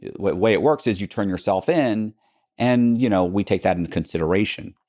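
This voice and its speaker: A man's voice: fairly low pitch, brisk, darkish tone, no echo, studio quality. A man, a podcast guest, telling a long story in a casual, rambling way, full of restarts and asides and acting out what people said.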